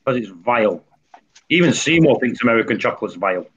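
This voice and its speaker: A man's voice: medium pitch, expressive, fast. A man, chatting casually and teasing the others as a stream guest. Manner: teasing, banter. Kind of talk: casual chat. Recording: muffled stream audio, faint noise.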